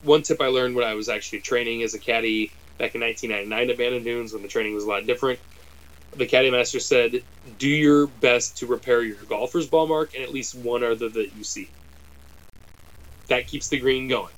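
A man's voice: medium pitch, a little fast, poor audio. A middle-aged man hosting a golf podcast, talking casually in long rambling asides and jokes. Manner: rambling, self-correcting, joking. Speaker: podcast host and caddie.

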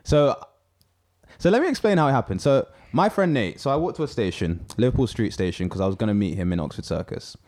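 Lively young man telling stories. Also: mid-range voice, fast. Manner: animated storyteller, many fillers. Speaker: podcast co-host. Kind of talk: casual chat.

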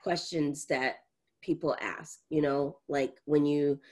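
Animated storytelling woman. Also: deep voice, slow. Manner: animated, laughs heartily while telling stories. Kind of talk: casual storytelling chat.

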